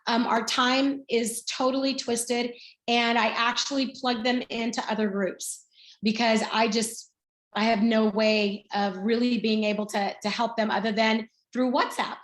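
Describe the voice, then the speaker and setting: A woman's voice: on the high side, little pitch movement, unhurried, a bit bright, echoey room. A woman in her sixties from Middle Tennessee, speaking as a guest on a video call and telling her story in a chatty way, with many fillers and restarts. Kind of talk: casual testimonial on a video call.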